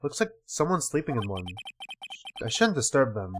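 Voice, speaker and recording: A man's voice: medium pitch, very animated, normal speed, a bit bright, slight background noise. A man casually reading game dialogue aloud with wry asides while playing. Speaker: let's-player.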